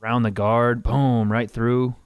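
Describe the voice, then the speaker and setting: A man's voice: mid-range voice, level tone, measured pace, smooth, dry recording, studio quality. A man co-hosting a podcast, casually breaking down old fight footage and calling out punches with little sound effects.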